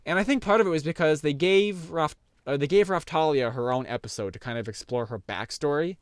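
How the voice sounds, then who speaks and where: A man's voice: on the high side, brisk, smooth, no echo, clean studio sound. A young man casually rambling through an anime review, full of fillers and restarts.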